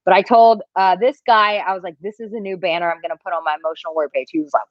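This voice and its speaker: A woman dating coach talking casually on a livestream, reading out viewer comments and answering them in an animated, chatty way. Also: on the low side, fast, hardly any pauses, dry recording, dull audio. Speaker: dating coach answering live chat questions.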